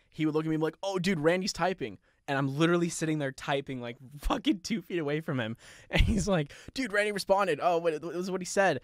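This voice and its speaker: A young man hosts a podcast, animatedly retelling a story in a casual manner full of profanity and frequent laughs. His voice is mid-range. The studio sound is clean, with no echo.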